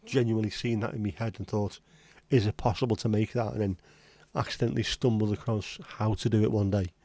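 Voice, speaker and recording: Male livestream host, rambling and blunt, mellow low voice, dry close sound. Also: fairly even intonation, a little fast, dry recording. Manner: rambling, chatty, blunt with occasional swearing. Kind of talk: casual livestream chat.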